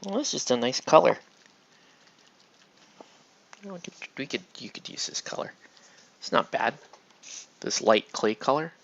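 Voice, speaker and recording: A man's voice: medium pitch, very animated, unhurried, gravelly, long pauses, a bit bright, highs cut off. A man chatting casually as he paints miniatures, rambling and restarting his sentences, with some mild swearing. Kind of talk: casual chat while painting.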